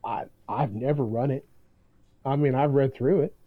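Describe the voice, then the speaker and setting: A man co-hosting a podcast in casual chat, measured and dryly humorous, heard over a remote line. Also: mid-range voice, no echo. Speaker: podcast co-host. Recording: tinny phone-like line, dry.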